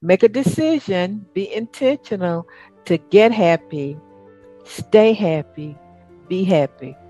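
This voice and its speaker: A woman's voice: mid-range voice, lively intonation, slow pace, dark tone, soft background music. A woman with a Southern US accent hosting a talk show, effusive and encouraging, with a spiritual bent. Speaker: host. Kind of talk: upbeat talk show chat.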